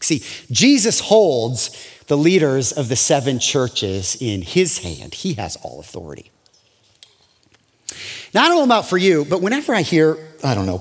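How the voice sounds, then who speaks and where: A man preaching from the pulpit of a large church, his slightly high voice swinging up and down as he acts out conversations. The sound rings with long reverb from the hall. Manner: animated storytelling, acting out dialogue with God. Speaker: pastor. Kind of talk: sermon.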